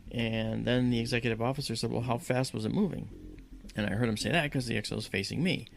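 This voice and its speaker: A man recounting a dramatic personal experience, telling it in an animated way and acting out the voices of the people in it. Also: medium pitch, fast talker, creaky, slight background noise. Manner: animated storyteller who acts out quoted voices. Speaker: guest recounting a personal story. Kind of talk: storytelling in conversation.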